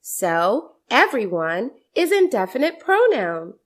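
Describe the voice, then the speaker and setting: A woman with a fairly high, very animated voice teaches a scripted grammar lesson. She explains slowly and deliberately, repeating many example sentences.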